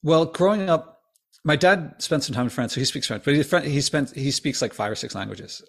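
A man in his fifties hosting a podcast, chatting casually and eagerly with a guest. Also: on the high side. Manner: quick, animated, chatty with restarts. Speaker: podcast host. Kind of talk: casual conversation.

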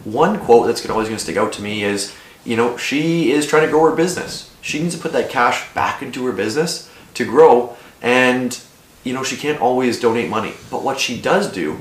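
A man's voice: medium pitch, a little fast. Upbeat cohost guy chatting, roomy echo. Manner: upbeat, with many fillers. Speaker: podcast co-host. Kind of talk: casual podcast talk. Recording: echoey room.

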